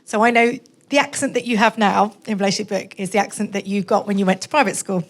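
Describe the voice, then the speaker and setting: A woman's voice: mid-range voice, fairly even intonation. A woman from Brazil in the audience, asking a friendly, rambling question at a live bookshop event. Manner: friendly, rambling, talks quickly.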